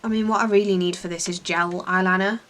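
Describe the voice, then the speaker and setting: A young Englishwoman, a beauty vlogger, chats casually and pokes fun at herself while doing her makeup at home. Her voice sits on the low side with fairly even intonation, and she talks fast with a slightly bright tone.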